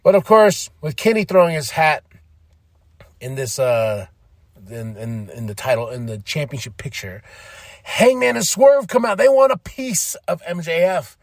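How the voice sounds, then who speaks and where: A man's voice: a little high, sing-song, a little slow, dry recording, clean studio sound. A man hosting a podcast, giving rambling, enthusiastic fan commentary and often laughing. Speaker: podcast host. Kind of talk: casual commentary.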